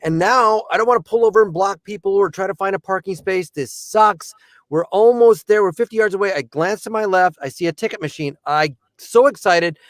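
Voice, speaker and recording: High-voiced animated man telling a story. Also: a little fast, no room sound, clean studio sound. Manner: animated, acts out characters, punchy short sentences. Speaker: comedian and voice actor. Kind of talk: stand-up storytelling on a podcast.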